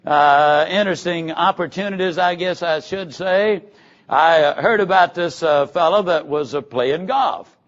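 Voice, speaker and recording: High-voiced motivational speaker. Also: male voice. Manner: folksy storytelling with jokes and audience instructions. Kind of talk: live motivational speech. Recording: dull lo-fi recording.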